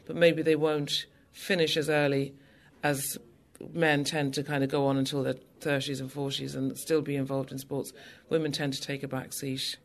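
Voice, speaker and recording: A woman guest on a radio interview, earnestly summing up her conclusions. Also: low voice.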